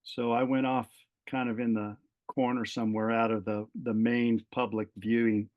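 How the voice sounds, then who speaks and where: A middle-aged man from Southern California, a retired fire captain, telling a personal story as a podcast guest in an earnest, halting way and often repeating words. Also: medium pitch, level tone, highs cut off.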